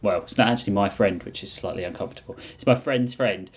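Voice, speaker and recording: A man's voice: on the low side, fast. A man hosting a casual podcast chat, rambling through asides and laughing often. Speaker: podcast host and game master.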